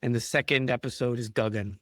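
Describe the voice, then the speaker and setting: A man in his thirties from Chicago, a chef telling stories in a casual chat, animated and swearing freely. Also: mid-range voice, a little fast, no echo. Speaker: chef and podcast guest.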